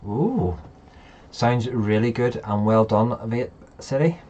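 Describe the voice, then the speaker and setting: A man's voice: mid-range voice, animated, slow, dark tone, dull audio, faint music behind. A man hosting a casual live chat, rambling and talking straight to his viewers. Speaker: livestream host.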